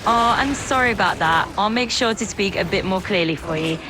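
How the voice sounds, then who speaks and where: A woman's voice: medium pitch, a little fast, music in the background. A text-to-speech woman's voice as an AI assistant, cheerful and agreeable, sometimes slurring its words. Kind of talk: upbeat chatbot replies.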